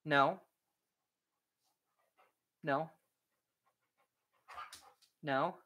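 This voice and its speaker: A woman's voice: deep voice, takes it slowly, long pauses, pushed and bright. A woman vlogger in a casual live-stream chat with viewers, chatty and playful, often laughing and breaking off to talk to her dog.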